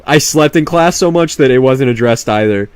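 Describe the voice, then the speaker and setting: A man's voice: mid-range voice, moderate pace, smooth, dry recording. Rambling young man, dry close sound. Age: young adult. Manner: rambling, profane, animated, with laughs and restarts. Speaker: vlogger. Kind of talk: casual storytelling.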